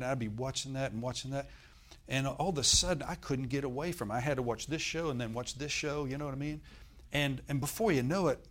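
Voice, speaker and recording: Conversational preaching man, talks to the crowd. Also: medium pitch. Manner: conversational preaching, rhetorical questions to the congregation. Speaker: pastor. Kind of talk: sermon.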